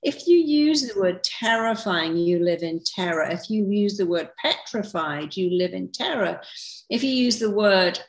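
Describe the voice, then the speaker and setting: A woman's voice: medium pitch, animated, unhurried. A middle-aged woman speaking in a podcast conversation, emphatic, acting out the people she quotes. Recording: roomy echo.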